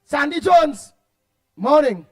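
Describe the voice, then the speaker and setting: A man's voice: very high-pitched, lively intonation, takes it slowly, darkish tone. A man with a Trinidadian accent hosting a radio show, chatting casually and reading out listener comments with laughs and repeated words.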